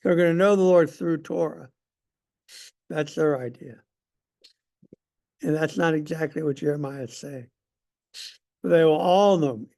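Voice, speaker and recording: Leading a Sunday school lesson, a man speaks in a gravelly, slightly raised voice with a fairly high pitch and dark tone. His delivery is conversational and emphatic at a measured pace, and he pauses often, frequently stopping to ask his class questions.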